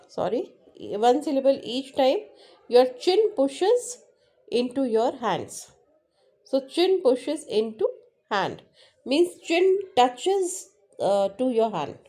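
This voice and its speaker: Indian english teacher lady, slow and careful, repeats words a lot. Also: a little high, warm tone. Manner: explanatory, repeats words slowly, switches into Hindi. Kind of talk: classroom lesson.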